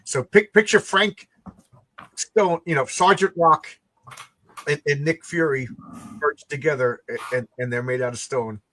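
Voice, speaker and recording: A man's voice: fairly high pitch, a little slow, fairly bright tone, a little hiss or hum. A man, a comic creator who also works construction, telling a rambling story in casual chat, stumbling and restarting his sentences. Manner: rambling, frequent stammered restarts.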